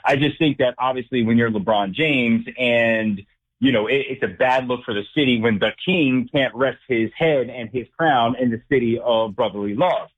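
A man who works as a sports director and anchor, a guest on a sports talk show, talking in an emphatic, animated way. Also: mid-range voice, moderate pace. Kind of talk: casual phone-in sports chat. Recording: tinny phone line.

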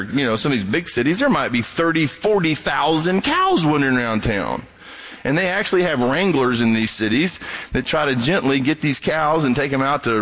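Lively man preaching, higher-pitched. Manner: conversational, acts out quoted voices in a raised pitch. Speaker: pastor. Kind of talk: sermon.

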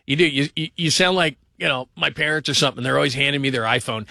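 A man hosting a call-in sports radio show, talking fast and animated, often mimicking the people he talks about. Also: fairly high pitch, gravelly, dry recording. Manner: animated, does mocking voices of others.

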